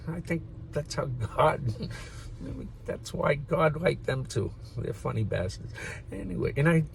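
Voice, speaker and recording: Gravelly, lively older-sounding man rambling. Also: medium pitch, slight background noise. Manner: rambling, swears freely, chuckles between thoughts. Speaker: vlogger. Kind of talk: rambling casual monologue.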